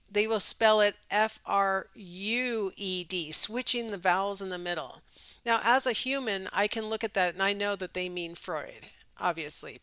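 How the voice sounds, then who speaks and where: A middle-aged woman giving a recorded psychology lecture, her voice bright and smooth. She talks in a loose, conversational way, full of ums and checking in with a quick "right?". The sound is close and dry, with no room around it. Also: medium pitch, no room sound. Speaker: psychology instructor.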